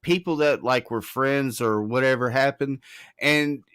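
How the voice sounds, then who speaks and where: Brief: bright, tense-voiced man, rambling chat, dry close sound. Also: medium pitch, clean tone, dry recording. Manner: rambling, halting restarts. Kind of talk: casual chat on a livestream.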